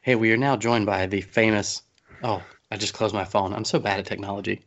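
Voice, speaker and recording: A man co-hosting a home podcast in loose, joking chat that rambles and pokes fun at himself. His voice sits low with a gravelly fry. The recording from a basement sounds dull and lo-fi. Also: level tone, brisk, a bit bright. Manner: joking, rambling, self-deprecating. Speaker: podcast co-host. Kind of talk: casual chat.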